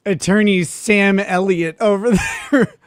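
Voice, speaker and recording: Guy doing live court reaction commentary, mocking and laughing, slow and dry. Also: high voice, no echo. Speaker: legal commentary host.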